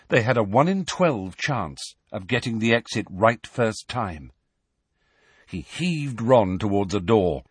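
A man narrates an audiobook in an expressive, lively voice that rises and falls with the story. His voice is slightly husky, and the recording is close and dry. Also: mid-range voice, no room sound. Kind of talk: scripted narration.

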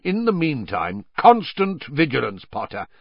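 A man voicing a gruff, scarred old male wizard with a growling voice, in a storybook reading. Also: medium pitch, wildly swooping pitch, a little slow, no echo, muffled recording, pitched above the performer's own voice, exaggerated voice.

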